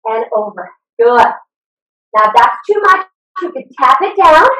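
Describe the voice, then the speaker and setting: Woman, fitness instructor, high lively voice, upbeat, encouraging, cheering, echoey room, distant video call mic. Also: normal speed. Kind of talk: live online workout coaching. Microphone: video call computer mic.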